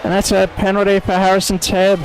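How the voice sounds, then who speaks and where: A man's voice: high voice, monotone, a little fast, slight background noise, rough recording. A man commentating an online sim racing event, calling corners and penalties and mocking his own attempts at an Italian accent. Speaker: race commentator.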